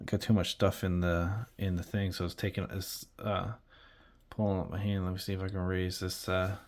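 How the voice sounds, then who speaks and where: A man with a low, warm voice rambles casually while he paints at his hobby desk. He is playful and chatty, often trailing off mid-thought before circling back. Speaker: hobby miniature painter, channel host.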